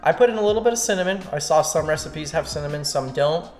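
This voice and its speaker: A man's voice: on the high side, fast talker. Man from Slovakia hosting a cooking vlog. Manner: relaxed, talks viewers through each step. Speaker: cooking channel host. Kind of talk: casual cooking demonstration. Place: home kitchen. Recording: echoey kitchen with music bed. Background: background music, clinking dishes.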